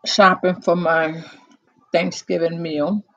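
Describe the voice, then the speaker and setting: Slow, gravelly call-in show host. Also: mid-range voice, flat delivery, fairly bright tone, no echo, dull audio. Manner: unhurried and musing, with many pauses and "um"s. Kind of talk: casual, rambling live talk. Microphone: close microphone.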